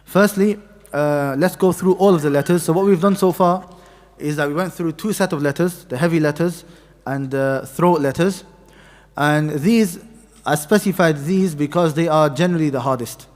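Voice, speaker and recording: A man teaches a mosque class, patiently sounding out letters and waiting for students to repeat. His voice sits slightly high, and each word trails off in the long echo of the mosque hall around him. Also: moderate pace, a little mellow. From Pakistani heritage. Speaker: tajweed teacher.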